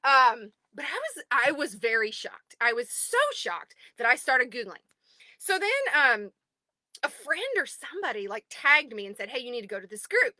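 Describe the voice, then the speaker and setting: A woman in her thirties, the owner of an online group, chatting excitedly on a livestream from home and greeting viewers by name. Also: a little high, moderate pace, dry recording. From United States. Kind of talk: casual livestream chat.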